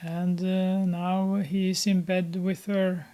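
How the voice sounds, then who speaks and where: Slow, flat-voiced, hesitant film commentator. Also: mid-range voice. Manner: hesitant, many filler pauses. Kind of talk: casual running commentary while watching a film.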